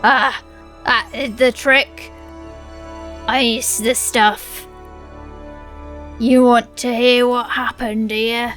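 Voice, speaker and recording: A woman putting on a rough mock-Cockney voice as a wounded, greedy male orc, reading game quest dialogue aloud. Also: on the high side, flat delivery, takes it slowly, long pauses, a bit bright, soft background music. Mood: scornful.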